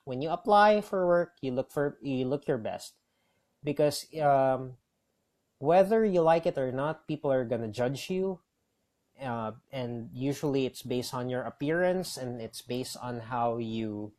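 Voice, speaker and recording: In a casual instructional talk, a call center trainer coaches his audience with straightforward advice, though he rambles and keeps restarting amid many fillers. His voice is medium in pitch and a little mellow.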